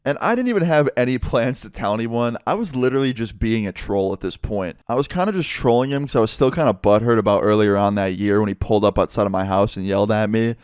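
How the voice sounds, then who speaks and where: Smooth-voiced young man telling a storytime. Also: lowish voice, fast, few pauses, no room sound, clean studio sound. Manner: casual, profane, animated storytelling. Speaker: vlogger. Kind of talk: casual storytime.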